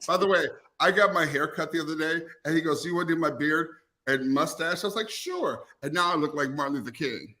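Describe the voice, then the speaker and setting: Campy, bright-voiced man chatting. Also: on the high side, quick pace, hardly any pauses. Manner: playful, campy, emphatic. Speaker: podcast co-host. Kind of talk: casual chat.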